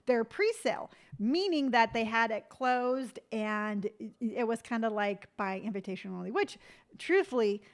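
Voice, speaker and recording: A middle-aged woman with a somewhat high voice chats casually on a live stream. She tells loose, rambling stories full of fillers. She breaks off to answer viewer comments. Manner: chatty, rambling storytelling with many fillers; reads viewer comments aloud and answers them. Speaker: lifestyle vlogger hosting a live stream.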